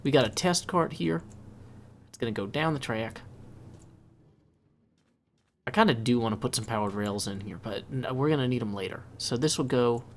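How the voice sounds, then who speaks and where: A man talking through his gameplay in a chatty, upbeat way, thinking aloud as he builds. His voice sits at a middling pitch, with a faint hiss of noise behind it. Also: moderate pace, long pauses. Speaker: let's play host. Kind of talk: casual gameplay commentary.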